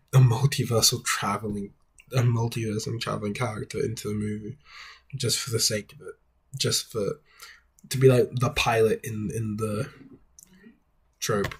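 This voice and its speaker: A man's voice: fairly low pitch, husky. A man hosting a video essay, giving casual critical commentary in a wry, rambling way.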